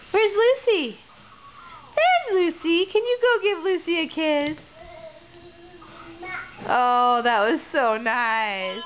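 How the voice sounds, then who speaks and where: A woman's voice: high-pitched, lo-fi sound, background noise. A young mother at home, talking sing-song baby talk and coaxing her toddler, laughing often. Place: family home.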